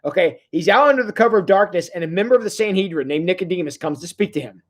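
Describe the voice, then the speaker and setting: Pastor, church livestream, chatty and jokey, halting restarts, reads comments aloud. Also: medium pitch, animated. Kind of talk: livestream sermon reading viewer comments.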